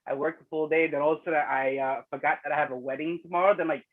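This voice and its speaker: A man's voice: fairly high pitch, steady tone, very fast. A man chatting casually and laughing a lot on a video call, rambling with many fillers. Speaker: poet at open mic. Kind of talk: casual chat. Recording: tinny phone-like call audio.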